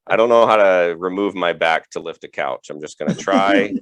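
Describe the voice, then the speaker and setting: A man's voice: low-pitched, normal speed, fairly bright tone, dry recording. A man doing a rambling stand-up comedy set, chuckling through his own punchlines. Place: home setup for a virtual show.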